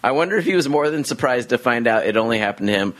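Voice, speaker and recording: A man co-hosts a loose comedy podcast, rambling through anecdotes and reading out a listener letter. He keeps breaking into laughter mid-sentence. His voice sits at an ordinary middle pitch. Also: expressive, quick pace, fairly bright tone. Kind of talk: casual comedy podcast banter.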